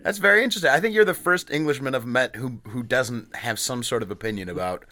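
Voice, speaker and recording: A man hosting a podcast, chatting casually and teasing his guest with quick interjections. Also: mid-range voice, sharp tone. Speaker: podcast host. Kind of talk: casual chat.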